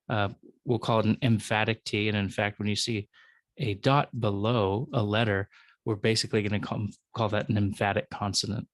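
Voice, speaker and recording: A man's voice: fairly low pitch, dry recording. A male professor giving a recorded lecture, sounding out syllables one at a time and explaining them to students. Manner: explanatory, with fillers and asides to the student.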